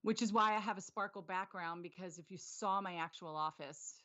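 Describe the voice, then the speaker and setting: A woman chatting casually as a guest on a live stream, self-deprecating and quick to laugh, on a video call. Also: on the low side, pushed and bright. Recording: dull lo-fi stream audio.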